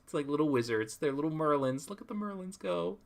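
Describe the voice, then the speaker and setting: A young Californian streamer, drawing as he goes, reads his chat out loud and riffs on it with laughter in a casual, chatty way. His voice is a little high, animated, and fairly quick, with some vocal fry.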